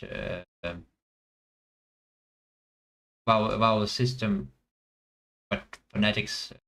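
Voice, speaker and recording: A man thinking aloud as he plays a language guessing game, hesitant and full of pauses and fillers. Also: on the low side, fairly bright tone, rough recording. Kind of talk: thinking aloud while playing.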